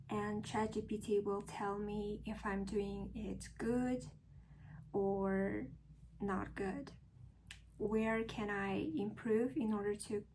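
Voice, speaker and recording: A woman with a Mongolian accent, a vlogger who chats casually and then reads a book aloud slowly and carefully. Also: medium pitch, darkish tone, slight background noise, poor audio. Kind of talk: casual chat and reading aloud.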